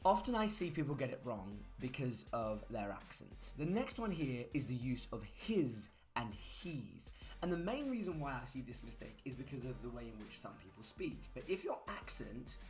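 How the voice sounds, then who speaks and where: A man's voice: mid-range voice, big pitch swings, moderate pace, faint music behind. A man teaching grammar in a chatty way, spelling words out letter by letter. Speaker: English teacher. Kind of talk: grammar lesson.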